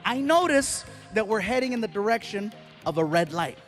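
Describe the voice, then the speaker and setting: A male stand-up comedian telling a travel story, animated, with loud bursts and exaggerated yelps. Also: high-pitched, moderate pace, loud music behind the voice.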